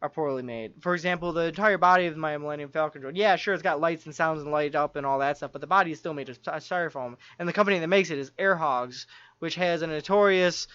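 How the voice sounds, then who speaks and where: Guy rambling excitedly on a podcast, smooth voice, dull lo-fi sound. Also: on the high side, quick pace, no echo. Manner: rambling and enthusiastic, many fillers and restarts. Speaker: podcast co-host. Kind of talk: casual chat. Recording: dull lo-fi dry recording.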